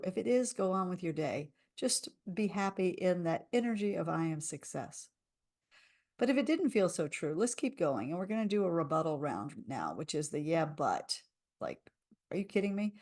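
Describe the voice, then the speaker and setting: A woman's voice: lowish voice, a little mellow. A woman coaching a live tapping session, speaking soothing lines for listeners to repeat. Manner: soothing, leads repeat-after-me affirmations.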